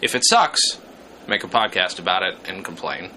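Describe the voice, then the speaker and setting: A man's voice: sits low, sing-song, normal speed, bright, forceful tone, slight background noise. A man hosting a podcast in a casual, hesitant way, often restarting his sentences. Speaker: podcast host.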